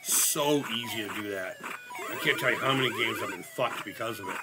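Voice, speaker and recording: A man hosting a live gaming stream. He is sick, and his voice sounds higher than usual. He chats casually, cracks jokes, swears a lot, and shouts at the game. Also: moderate pace, heavy background noise. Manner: profane, joking, loud outbursts at the game. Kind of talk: casual live-stream chat while playing.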